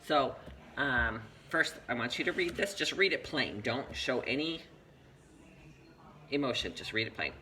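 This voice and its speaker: A man gives a one-on-one reading lesson, bright in tone and steadily encouraging. He explains each step plainly and praises the student often. A faint hum sits under the recording. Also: medium pitch, animated, a little slow, pauses often, low-quality recording. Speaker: reading teacher.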